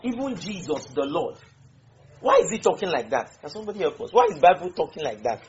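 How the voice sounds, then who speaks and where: A man's voice: on the high side, big pitch swings, rapid-fire, slightly rough. A man leading a Bible study, repeating and stressing words as he calls on listeners. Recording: muffled lo-fi recording.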